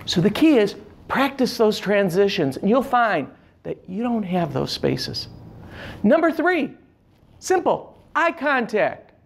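A man with a high, gravelly voice speaks slowly while teaching public speaking tips to camera. His instructional delivery is animated and emphatic with shifting inflection, and he demonstrates gestures as he talks.

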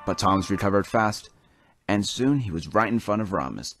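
Man, storybook narrator, animated, low voice, lively pitch swings, faint music. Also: moderate pace.

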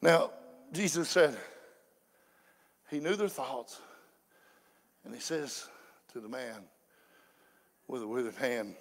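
A pastor preaching a sermon in a folksy way, moving from quiet asides to shouted fervor. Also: male voice, mid-range voice, lively intonation, slow, long pauses. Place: church sanctuary. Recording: echoey church hall.

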